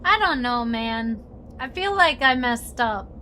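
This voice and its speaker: A woman's voice: on the high side, expressive, takes it slowly, pushed and bright, slight background noise. A woman streaming a game, chatting casually and reading narration aloud with dramatic swells.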